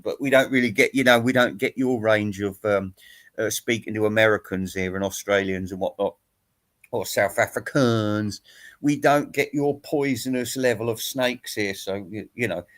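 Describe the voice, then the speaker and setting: A man giving a rambling, teasing, crude rant aimed at other online commentators. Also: lowish voice. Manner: teasing, crude, laughs at own jokes. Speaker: YouTube commentator. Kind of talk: rambling mock-serious rant.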